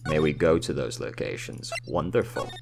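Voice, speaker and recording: A man doing a dry, low-key young lawyer. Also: normal speed, vocal fry, noisy background.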